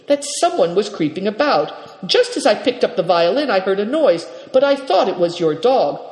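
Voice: mid-range voice, very animated, moderate pace, a little mellow, voice pushed up, close to an everyday voice. A storyteller voicing a shrewd, jovial male trader who bargains with sly courtesy. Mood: sly, genial. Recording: reverberant, echoey room.

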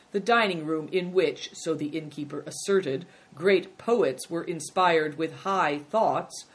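A woman narrating an audiobook, with expressive storytelling. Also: fairly low pitch, breathy edge.

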